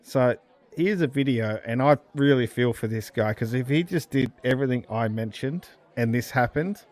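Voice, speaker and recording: Man, podcast co-host, relaxed storytelling, joking, video call. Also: mid-range voice, moderate pace. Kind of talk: casual pub chat.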